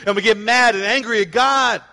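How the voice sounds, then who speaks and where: A man preaching a sermon to a room of people, fervent, repeating his points and rising to shouts. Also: sits high, fairly quick, vocal fry, in a large hall. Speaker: pastor. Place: large hall with an audience.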